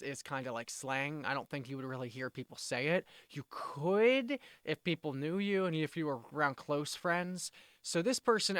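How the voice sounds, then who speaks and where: A man teaching vocabulary in a relaxed, explanatory way, restating points and acting out quick example phrases. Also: a little high, clean tone, dry recording, clean studio sound. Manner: explanatory, self-correcting, with brisk demonstrations. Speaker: language teacher. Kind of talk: casual spoken lesson.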